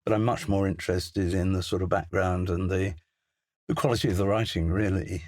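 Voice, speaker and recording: An older English crime novelist chats casually as a guest in a recording studio, sounding hesitant and self-deprecating, with many restarts and asides. His voice is low, darkish and brisk, with fairly even intonation, and the recording is dry.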